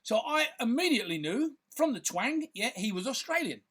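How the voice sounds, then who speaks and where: A man's voice: very high voice, big pitch swings, normal speed, a bit bright, husky. A man, a filmmaker talking casually to camera in a rambling, chatty way, full of fillers and restarts. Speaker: filmmaker and content creator.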